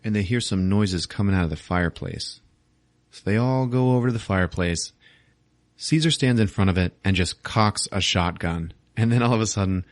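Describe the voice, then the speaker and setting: In a casual movie recap, a podcast host runs through the plot with profanity and goofy character impressions. His voice is on the low side, captured without any echo.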